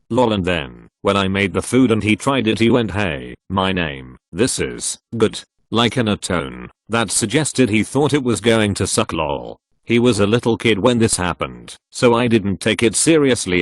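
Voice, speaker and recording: A man narrating online posts aloud, reading the text literally and even spelling out links and web slang. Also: lowish voice, no echo, studio quality.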